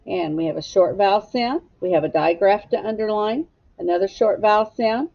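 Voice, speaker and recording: A woman teacher giving a slow, patient phonics lesson to young children and prompting them to echo words. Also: medium pitch, vocal fry, highs cut off.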